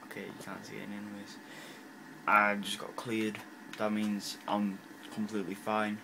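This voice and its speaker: A fairly low-voiced man chatting over his gameplay. He is excitable and self-mocking, and he fires off quick reactions. A faint hum of ambient noise sits behind him. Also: creaky. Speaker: gaming channel host. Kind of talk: casual gameplay commentary.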